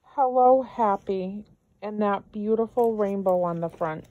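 A woman's voice: medium pitch, unhurried, dry recording, phone-quality sound. A woman vlogger opening mail from friends, gushing and effusive and moved to tears as she talks. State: tearful. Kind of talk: casual unboxing chat.

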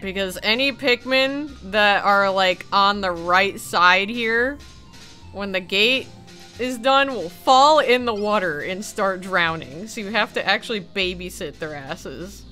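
A woman giving loud, profane commentary over gameplay, scolding and cheering the characters on screen and laughing often. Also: mid-range voice, unhurried, soft background music. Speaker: gaming video creator.

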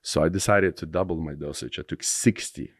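A man's voice: low-pitched, a little fast, no echo, studio quality. A young man, a podcast guest, telling a long story in a rambling way, restarting his sentences and swearing freely. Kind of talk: casual storytelling in conversation.

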